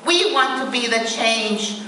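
A woman's voice: fairly high pitch, slow, pushed and bright, a little hiss or hum. A woman minister giving a sermon, telling a joke and asking the congregation to call back answers. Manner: asks the congregation for responses. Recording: echoey hall from far off.

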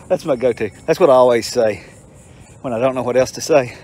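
An older man with a drawl spins loose, folksy stories in a mid-pitched voice. He rambles and doubles back, amused at his own tales as he strolls through a park. Faint music plays in the background. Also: fairly quick, dark tone. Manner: rambling, folksy, self-amused, lots of filler. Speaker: vlogger. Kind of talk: casual storytelling while walking. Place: outdoors in a park.

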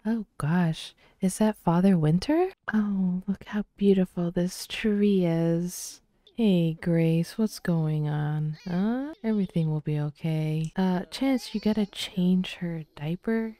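A woman giving casual commentary while playing a life-sim game, soft-spoken and often half-whispering, close to the mic. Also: lowish voice, slow pace, dry recording. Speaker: let's play creator.

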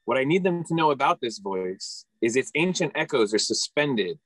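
A man reads his own poem aloud to a workshop over a video call. His mid-range voice is dry and close, and he takes each line in a measured, deliberate way. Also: mid-range voice, big pitch swings, dry recording, low-quality recording. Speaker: workshop participant.

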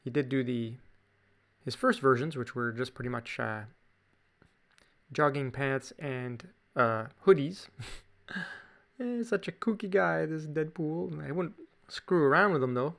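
Gravelly Canadian man teaching drawing. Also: mid-range voice, measured pace. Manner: relaxed, chatty, jokey asides. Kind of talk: casual drawing tutorial narration.

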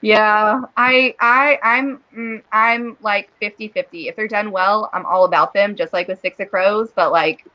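A woman's voice: medium pitch, steady tone, unhurried, hardly any pauses, muffled recording. Chatty woman hosting a livestream. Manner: chatty, laughs often, reads viewer comments aloud. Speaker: livestream host. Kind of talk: casual livestream chat.

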